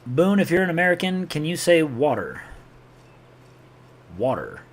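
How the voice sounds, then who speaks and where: A man with a New York accent streaming a strategy game live, rambling in a loose, chatty way. His voice sits a little higher than most men's, and he keeps up running commentary with his viewers. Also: fairly even intonation, fast talker. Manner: chatty, rambling, talks to chat while playing. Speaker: gaming streamer.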